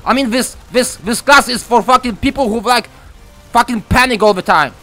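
A young man commenting on his own gameplay from home, swearing a lot and ranting with excitement. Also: very high-pitched, normal speed, soft background music. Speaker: gaming commentator. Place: room at home.

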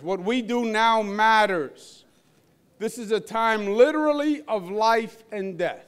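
A man in his fifties with a Queens, New York accent, giving a dinner speech as governor in a large banquet hall, joking and measured. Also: sits high, smooth. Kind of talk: public address at a dinner.

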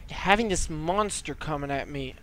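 A man's voice: on the high side, a little slow, fairly bright tone, a little hiss or hum. A man hosting a horror game let's play, talking jittery to the game and to his viewers.

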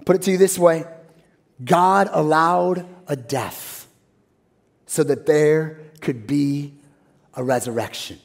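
A man with a high-pitched voice preaches a sermon to a church congregation. He swings from loud, soaring exclamations down to quiet, hushed phrases. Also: slow, vocal fry, pauses often. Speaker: pastor.

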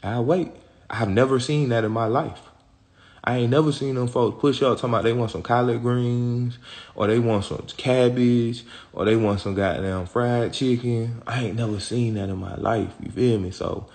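A man's voice: mid-range voice, steady tone, normal speed, creaky, a little mellow. A man talking as an interview guest in casual street talk, rambling and slang-heavy, swearing often and asking "you feel me" again and again.

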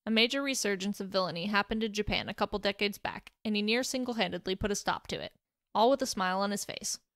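A woman's voice: medium pitch, fast talker, dry recording, studio quality, close to an everyday voice. A woman voicing a timid shy teen girl. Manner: shy and soft-spoken. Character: timid, demure teenage girl.

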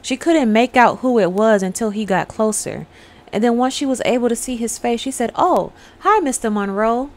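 A woman's voice: fairly high pitch, brisk, darkish tone. A young adult woman hosting her own channel, casually recapping a film in a chatty, storytelling way, talking straight to her viewers. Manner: acts out characters' lines. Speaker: online host recapping a film. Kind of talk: casual spoken movie recap.

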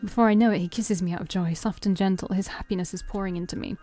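A let's-play streamer reads a dating-sim visual novel aloud, voicing every character in her own voice and stopping for joking asides. She speaks fast in a steady, mellow, medium-pitched voice, with faint game music behind her.

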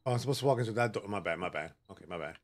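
A man's voice: on the low side, expressive, racing. A man giving joking, sassy commentary while he plays a horror game, bantering with the characters on screen. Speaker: gaming channel host.

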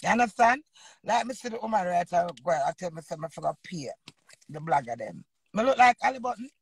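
A Jamaican woman in her fifties, an entertainer and host, ranting loudly in an unscripted live video and swearing freely. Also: mid-range voice, creaky, husky. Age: 50s. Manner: loud, combative, swearing freely.

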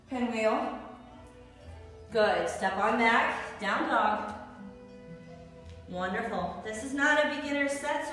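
A woman instructor guides a flow class in short, rhythmic, encouraging cues, her voice ringing through a heavily echoing hall. She sounds set back from the mic, and soft music plays underneath. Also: mid-range voice. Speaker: yoga instructor. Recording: distant echoey hall with faint music.

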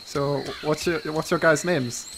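Male streamer, nervous joking patter, slightly high voice, headset mic, noisy game-chat audio. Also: fairly even intonation, unhurried, fairly bright tone. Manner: nervous, pleading, joking chatter.

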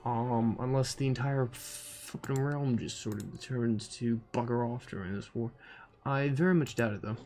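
A man's voice: mid-range voice, moderate pace, a little mellow, faint music behind. A man giving casual, profane commentary while playing a strategy game, thinking aloud with dry asides. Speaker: gaming commentator. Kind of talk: casual let's-play commentary.

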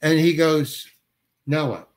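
An older male actor, a guest, telling a long anecdote and acting out the other people's dialogue with lively shifts of voice. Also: fairly high pitch, slow pace. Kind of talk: storytelling anecdote.

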